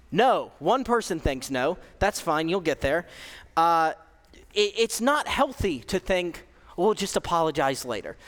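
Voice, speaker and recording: A man's voice: sits high, a bit bright, big-room sound. A young man giving a conversational sermon, candid and self-deprecating, with frequent fillers and restarts. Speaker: preacher. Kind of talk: casual sermon.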